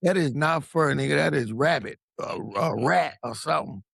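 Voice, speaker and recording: On a podcast, a Long Beach, California man relates his story in a relaxed, animated manner, mimicking the people he quotes and swearing without restraint. His voice sits on the high side, creaky and husky, at a moderate pace, in studio-quality sound with no room noise.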